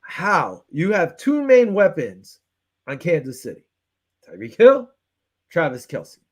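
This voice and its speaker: A man's voice: on the high side, takes it slowly, breathy edge. Fired-up man ranting about football. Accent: Western New York. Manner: animated, retells with quoted back-and-forth, frustrated ranting. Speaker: sports show host. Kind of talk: casual sports talk.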